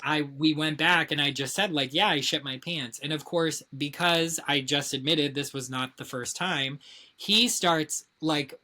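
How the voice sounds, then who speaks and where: A woman co-hosting a podcast, telling a story in casual chat, animated and heavy on swearing and filler words. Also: low voice, unhurried. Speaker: podcast co-host.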